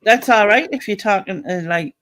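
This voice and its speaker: A woman hosts a relaxed livestream in a middle pitch. She keeps the chat moving with brief, encouraging replies and laughs easily. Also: moderate pace, dry recording. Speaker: host. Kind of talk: casual livestream hosting.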